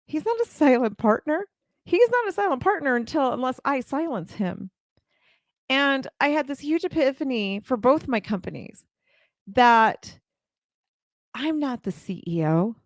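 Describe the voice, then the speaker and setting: A woman's voice: sits high, very animated, unhurried, long pauses, no echo, studio quality. A woman giving an earnest, emotional faith talk to business leaders on a live stream, speaking straight to her viewers. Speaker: childcare business coach and owner.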